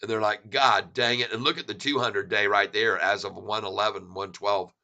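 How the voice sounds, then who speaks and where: A middle-aged man giving excited, folksy commentary on a stock chart, repeating himself for emphasis and calling his viewers folks. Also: on the low side, fairly quick, gravelly.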